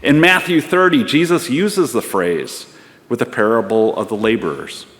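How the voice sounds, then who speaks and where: A man's voice: medium pitch, moderate pace, a bit bright. Guy preaching a sermon, thoughtful storyteller, church echo rings out long. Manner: storytelling, reflective, acts out voices. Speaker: pastor. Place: church sanctuary. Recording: long church hall reverb.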